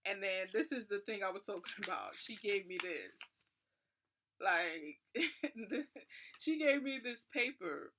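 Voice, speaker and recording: A woman's voice: medium pitch, lively intonation, takes it slowly, pauses often, sharp tone, a little hiss or hum. A young woman vlogger tells a personal story casually. She sounds nervous and keeps saying "like.".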